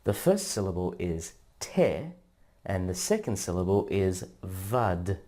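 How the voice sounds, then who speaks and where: Slow, mellow-voiced male tutor. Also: low voice, very animated. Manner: slow, measured, drawn-out syllable drills. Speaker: language teacher. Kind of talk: scripted instructional narration.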